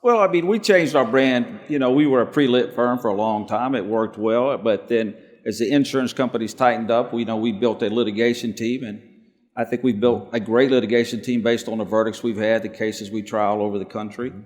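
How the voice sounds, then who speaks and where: A man's voice: medium pitch, fairly quick, long reverb tail. A man on a live panel, speaking in a confident, emphatic and plain-spoken way. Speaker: law firm owner, panelist. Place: large stadium event on stage.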